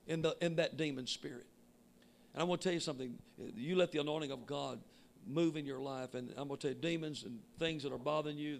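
A man preaching a sermon with emphatic shouting that drops to quiet asides. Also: on the high side, gravelly, a little hiss or hum. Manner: shouting, emphatic, swinging between loud and quiet. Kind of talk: Pentecostal sermon.

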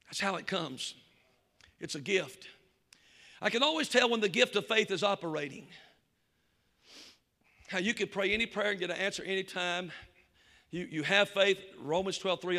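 A man preaching a sermon to a congregation, worked up and excitable. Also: high voice, a little fast, pauses often, long reverb tail. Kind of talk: sermon with storytelling. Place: church before a congregation.

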